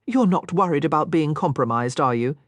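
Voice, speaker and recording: Brief: woman reading a low, playful young nobleman who teases. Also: expressive, brisk, no room sound. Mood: teasing. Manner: teasing, mischievous. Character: teasing, charming young nobleman.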